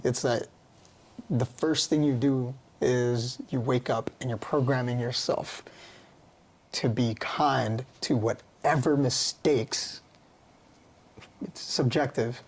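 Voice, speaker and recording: A man speaks in an earnest, musing way as a podcast guest. His phrasing is loose and slangy. His pitch sits in a mid range. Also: darkish tone, husky. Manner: earnest, musing, with easy laughs. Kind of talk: casual reflective conversation.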